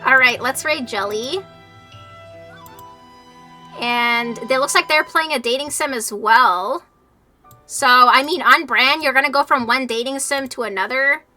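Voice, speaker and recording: High, bright-voiced exasperated woman streamer. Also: measured pace, pauses often, soft background music. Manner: animated, exasperated, swears a lot. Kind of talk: casual livestream chat over a game.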